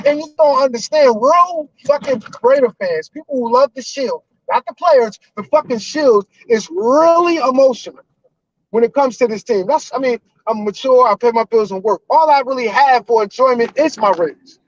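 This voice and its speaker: Loud, high-voiced man ranting. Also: lively intonation, moderate pace, highs cut off. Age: 40s. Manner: loud, emotional and profane. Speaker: caller. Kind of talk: heated fan rant on a live call-in show.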